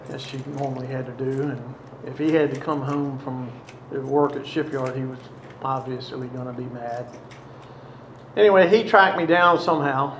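A man telling his own story, slowly and haltingly, with many pauses. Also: medium pitch, echoey room, slight background noise, rough recording. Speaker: storyteller recounting past addiction. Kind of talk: personal testimony.

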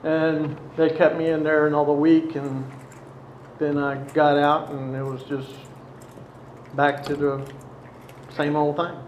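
A man telling his own story, slowly and haltingly, with many pauses. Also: a little high, flat delivery, echoey room, slight background noise, rough recording. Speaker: storyteller recounting past addiction. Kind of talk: personal testimony.

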